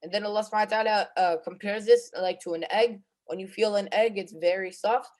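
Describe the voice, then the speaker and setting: A man's voice: high voice, fairly even intonation, quick pace. Male presenter explaining Quran verses. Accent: Arabic recitation of verses. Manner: recites Arabic verses, then explains in English with many fillers and restarts. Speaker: student presenter of Quran commentary.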